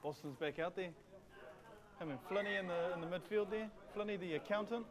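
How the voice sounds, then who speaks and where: A man co-commentating a touch rugby game with relaxed, joking banter. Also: sits high, brisk. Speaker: co-commentator, club member. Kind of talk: live sports commentary. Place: outdoor sports field. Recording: outdoor crowd noise.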